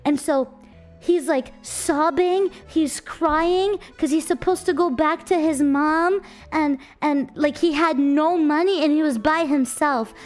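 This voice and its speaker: A high-pitched young woman chatting to her stream, animated and quick to laugh as she tells a story. Soft music plays faintly under her voice. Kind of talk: casual storytime chat.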